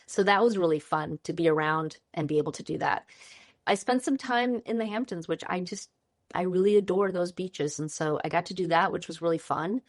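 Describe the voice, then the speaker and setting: A woman's voice: lowish voice, fairly quick, no echo, clean studio sound. A woman in her fifties, a chef guest on a podcast, chatting in a bubbly way and describing food lovingly. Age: 50s. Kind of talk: casual interview chat.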